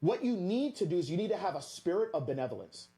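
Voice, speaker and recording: A man from Florida, a podcast guest, telling a story in an energetic, emphatic way and talking straight to the listeners. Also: sits high, quick pace, creaky, breathy edge. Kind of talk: animated storytelling to an audience.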